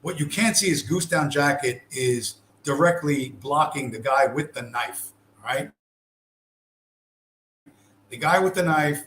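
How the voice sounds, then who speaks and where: A man with a somewhat high, slightly bright voice, plus a faint hiss or hum, delivers blunt, sarcastic commentary over a video he's screen-sharing. He swears constantly, and the room sounds echoey with faint ambience.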